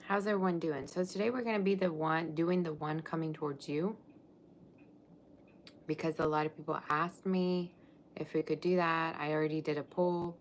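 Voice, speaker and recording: A woman's voice: low-pitched, fairly even intonation, moderate pace, slight background noise. A woman tarot reader chatting casually on a live stream, scattered and often interrupting herself.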